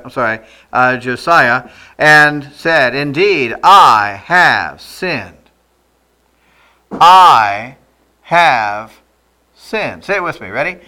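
A man preaching a sermon in a church, emphatic, slowing down to stress key lines and having the listeners repeat phrases after him. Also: fairly high pitch, bright, forceful tone, clean tone, rough recording.

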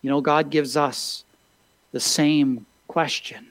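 A man's voice: fairly high pitch, expressive, slow pace, dry recording, poor audio. A man pastor preaching a sermon, reading scripture and asking listeners rhetorical questions, with frequent "uh" fillers.

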